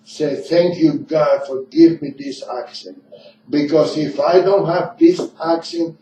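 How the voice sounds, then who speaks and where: A man's voice: a little high, measured pace, mellow, echoey room. A man hosting a radio talk show in English, his second language, rambling and repeating himself as he shares his opinions. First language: not English. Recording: dull lo-fi room sound from a distant mic.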